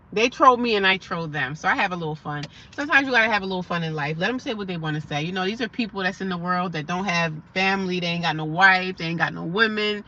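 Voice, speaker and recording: A woman's voice: on the low side, sharp tone. A young woman chatting casually on a livestream, reading viewers' comments aloud and answering them. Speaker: livestream host. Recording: slightly dull lo-fi sound with faint background noise.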